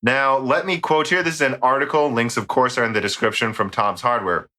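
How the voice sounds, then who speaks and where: A man's voice: mid-range voice, fairly quick, pushed and bright. An American man hosting a casual tech podcast, rambling and joking as he reads listener mail. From United States. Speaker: podcast host.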